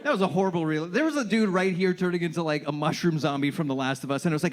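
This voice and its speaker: A young man with a fairly high voice, speaking. He works a comedy club stage on a handheld mic, telling self-deprecating stories and now and then barking out the lines of strangers he met. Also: racing. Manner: storytelling, self-deprecating, acts out shouting characters. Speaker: stand-up comedian. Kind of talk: stand-up set.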